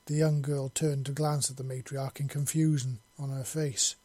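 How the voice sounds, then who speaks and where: A man narrating a science fiction story in a steady, even reading style. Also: mid-range voice, normal speed, slightly rough, no echo. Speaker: audiobook reader.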